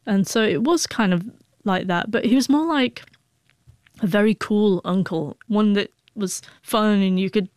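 A woman in her forties shares a heartfelt memory, her speech catching on repeated sound blocks. Her voice is smooth and resonant. It sits close and dry, with no room around it. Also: mid-range voice, a little slow, a little mellow, dry recording. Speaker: guest, author. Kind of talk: emotional personal recollection.

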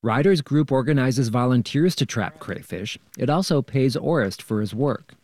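A man, a radio reporter, narrating a scripted news feature in a calm, measured way. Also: medium pitch.

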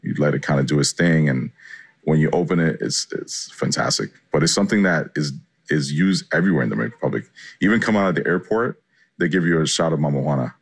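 Very deep-voiced enthusiastic man. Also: expressive, quick pace, vocal fry, husky. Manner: enthusiastic, loose and chatty. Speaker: chef and guest. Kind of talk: casual interview answers.

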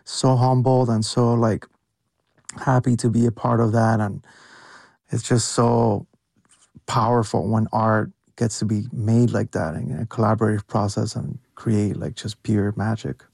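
A man's voice: on the low side, level tone, measured pace, vocal fry, darkish tone, no echo. A man, a guest music producer, talking in an enthusiastic, casual way, full of "like" fillers. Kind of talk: casual interview chat.

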